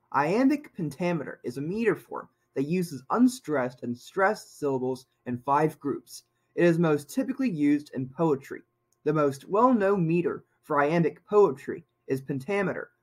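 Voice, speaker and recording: A man reading a scripted writing lesson in a steady, explanatory way. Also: on the high side, breathy edge. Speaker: writing tutor. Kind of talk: scripted narration.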